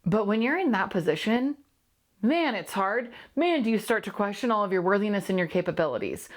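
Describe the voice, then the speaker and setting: Earnest woman coach venting honestly to camera, keeps repeating lines for emphasis, middle pitch. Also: very animated, a little fast. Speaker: host and coach. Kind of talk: candid solo monologue to camera.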